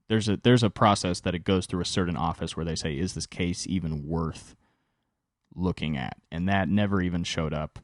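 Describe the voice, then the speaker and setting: A young man hosting his own podcast, telling a rambling story in casual, profane storytelling with sudden jumps in pitch for emphasis. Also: dry recording, clean studio sound. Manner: animated, swears freely, pitch jumps high for emphasis. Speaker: podcast host and stand-up comic.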